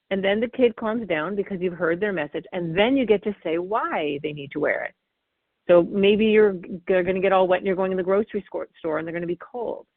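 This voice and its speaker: A woman parenting expert answering interview questions, animated and acting out what parents and children say. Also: mid-range voice, a little fast, no room sound. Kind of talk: interview answers, explaining technique. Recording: phone-like dry call audio.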